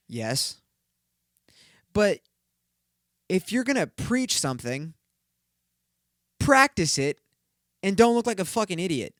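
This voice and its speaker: A man's voice: high voice, very animated, takes it slowly, pauses often, no echo, clean studio sound. A young man hosting a solo podcast, telling a story in a rambling, profane way, full of fillers. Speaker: podcast host.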